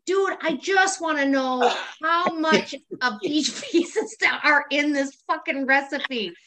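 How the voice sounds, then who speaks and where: A woman's voice: high voice, slow pace, noisy background. A woman co-hosting a podcast in casual chat, ranting with lots of swearing and frequent laughter. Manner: profane, ranting, laughs often. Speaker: podcast co-host.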